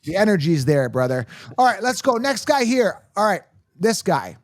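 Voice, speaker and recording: A man hosting a casual sports podcast, energetic and hype-driven, laughing often. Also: sits high, moderate pace, no echo, clean studio sound. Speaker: podcast host.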